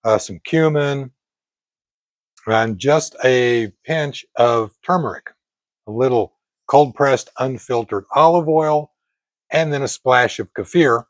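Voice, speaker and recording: An older man with a medium-pitched voice chats to camera while cooking at a backyard grill outdoors, recorded dry. He's a fitness vlogger whose talk meanders, full of pauses and self-corrections.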